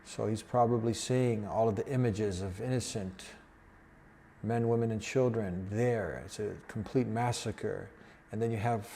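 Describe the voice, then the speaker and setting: Male host, mellow dark voice, earnest commentary on news. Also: on the low side, slight background noise. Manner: earnest, preaching tone.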